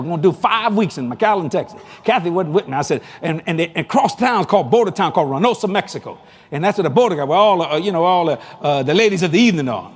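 A man preaching a sermon to a live audience, folksy and animated, repeating himself and telling stories about his past. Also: high voice, slight background noise. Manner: folksy, animated, drawling with repetitions. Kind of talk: sermon with storytelling.

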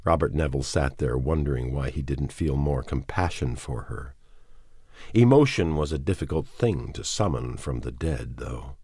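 A man reading a novel aloud, measured and expressive in his storytelling. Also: a bass voice, breathy edge, dry recording, clean studio sound. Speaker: audiobook reader. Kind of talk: dramatic audiobook reading.

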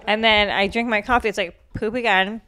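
A woman's voice: mid-range voice, steady tone, brisk, bright, forceful tone, clear, resonant tone. Crude, brash woman podcast host. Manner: brash, crude, self-mocking storytelling. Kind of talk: casual podcast chat.

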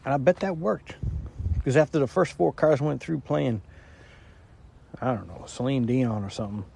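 A man's voice: medium pitch, normal speed, vocal fry, darkish tone, husky. A man delivering a rambling, stammering comic monologue as a regular caller, losing his train of thought.

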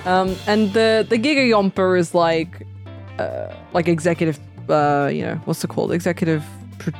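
A woman's voice: fairly low pitch, sing-song, normal speed, vocal fry, faint music behind. A woman co-hosting a casual podcast, rambling with lots of fillers. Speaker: podcast co-host. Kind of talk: casual chat.

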